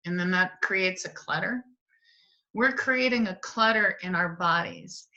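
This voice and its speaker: A woman's voice: lowish voice, a little slow, lo-fi sound. A middle-aged woman coaching a virtual workshop from her desk, talking with energy and acting out the voices of people she quotes. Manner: animated, acts out quotes. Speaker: wellness coach. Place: home office at a desk.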